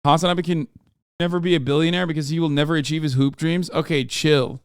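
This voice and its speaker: Sarcastic, profane streamer, smooth voice. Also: male voice, on the high side, fairly even intonation, fast talker, dry recording, studio quality. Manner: sarcastic and profane, talks to his chat. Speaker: streamer reacting to a video. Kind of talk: casual reaction stream.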